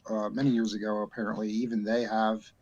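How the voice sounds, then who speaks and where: A game master chatting between sessions, a man with a fairly low voice. He speaks haltingly, padding his talk with "uh" and restarting his sentences. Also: little pitch movement, a little mellow, highs cut off, slight background noise. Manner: halting, many "uh" fillers and repeated starts. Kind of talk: casual chat.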